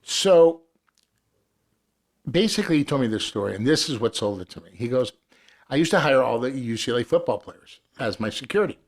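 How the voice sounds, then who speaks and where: A man's voice: medium pitch, animated, brisk. A man in casual podcast chat, telling a long bar anecdote with profanity and acted-out quotes.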